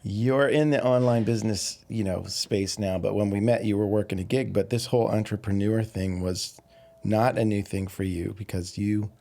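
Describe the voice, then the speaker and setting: A man's voice: fairly low pitch, fairly even intonation, moderate pace, vocal fry, warm tone. A man hosting a casual podcast, talking in an upbeat, playful way. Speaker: podcast host.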